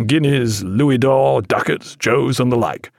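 A man's voice: medium pitch, very animated, measured pace, creaky, no echo, clean studio sound, exaggerated voice. Man doing a hearty sea captain addressing his crew. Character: genial commanding male sea captain.

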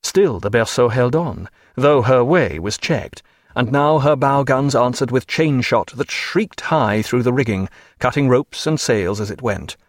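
A man reading an audiobook with steady, vivid storytelling. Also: mid-range voice, a little slow, no room sound, studio quality. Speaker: narrator. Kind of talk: audiobook narration.

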